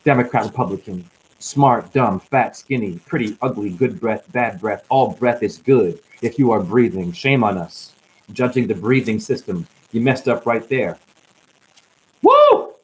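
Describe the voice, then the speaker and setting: A man's voice: lowish voice, normal speed, a little mellow, rough recording. A man on a livestream delivering a rambling, rhyming spiritual monologue with bursts of whoops, sounding tired and drained. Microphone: static-laden livestream mic.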